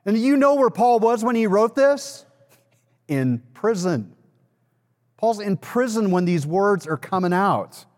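A man's voice: high voice, normal speed, few pauses. Preaching man in a reverberant hall. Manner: conversational storytelling preacher, rises to emphatic peaks. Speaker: pastor. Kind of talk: sermon. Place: church sanctuary. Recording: long reverb of a large hall.

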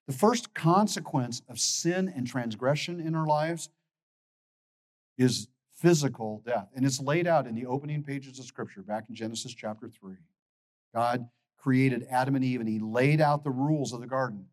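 A man's voice: medium pitch, moderate pace, a little mellow. A man in his fifties preaching a sermon as a pastor, emphatic, often repeating words as he builds a point.

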